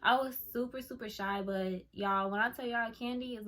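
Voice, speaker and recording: A woman's voice: mid-range voice, normal speed. A young woman gushing as she tells a casual story to her viewers, full of "like" and "oh my goodness". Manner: excitable, gushing, lots of fillers like "like" and "oh my goodness". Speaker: YouTuber telling a story. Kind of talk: casual story time to camera.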